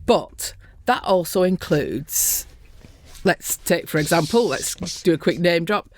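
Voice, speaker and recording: A middle-aged woman with a softened Lancashire accent, talking bluntly and earthily as a guest in a casual interview. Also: lowish voice, lively intonation, measured pace, no room sound. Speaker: podcast guest, construction safety professional.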